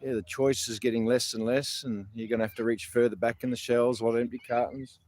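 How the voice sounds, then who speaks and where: A man's voice: medium pitch, level tone, fairly quick, a little mellow. An Australian man talks earnestly to his livestream viewers from outdoors in a public garden. His speech rambles, full of ums and restarts, in an ordinary mid-range voice. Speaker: protest livestream host. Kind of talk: casual outdoor livestream talk.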